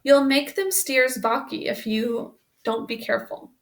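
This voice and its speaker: A woman voicing a calm, seasoned farmhand who speaks in a slow, folksy, countrified way. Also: high voice. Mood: advising.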